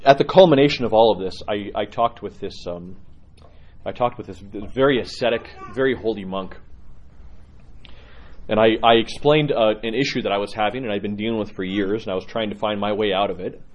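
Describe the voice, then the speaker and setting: A man preaching a conversational sermon as an Orthodox priest, telling stories and acting out quoted lines with animated swings. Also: brisk, highs cut off. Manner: animated storytelling, acts out quotes with rising pitch.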